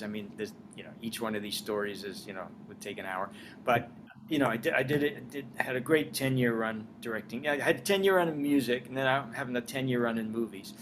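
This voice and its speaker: With a noisy background behind him, an older Los Angeles writer-director and onetime singer tells animated career stories in a casual interview, acting out the lines he quotes. His voice has a medium pitch.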